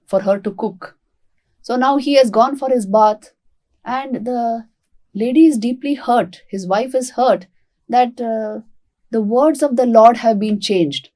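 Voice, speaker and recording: A woman, a monastic teacher giving a spiritual talk and calmly telling a devotional story. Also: fairly high pitch. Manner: calm, expressive storytelling.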